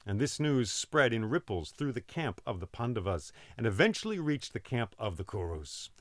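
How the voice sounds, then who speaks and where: Male storyteller, expressive, dramatic, very lively pitch, dry close sound. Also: moderate pace, few pauses, dry recording. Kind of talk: oral storytelling.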